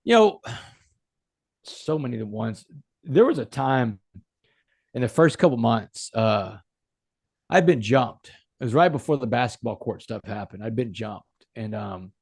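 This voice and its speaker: A man's voice: lowish voice, a little mellow, husky, no echo, clean studio sound. A man, a podcast guest, telling a personal story in an earnest, emphatic way. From United States.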